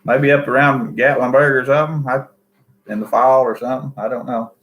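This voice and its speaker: A man's voice: mid-range voice, steady tone, fairly quick, muffled recording. A man with a Southern US accent co-hosting a casual livestream, easygoing and hesitant with many fillers. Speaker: livestream co-host.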